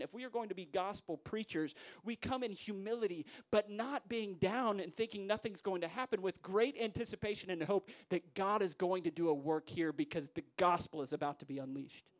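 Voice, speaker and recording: A male preacher with a somewhat high voice gives a sermon in a church. He swings between hushed, soft-spoken stretches and loud, stirring declarations. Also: fairly quick, hardly any pauses. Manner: builds from hushed to rousing, voices quoted figures.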